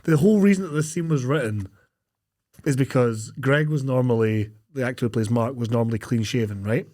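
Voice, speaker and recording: A man co-hosting a podcast, talking through a film with lively storytelling. He slips in and out of the characters' voices as he retells each scene. His voice sits at an ordinary pitch for a man. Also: a little fast. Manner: animated storytelling, acting out lines. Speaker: podcast co-host. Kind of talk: casual chat recapping a film.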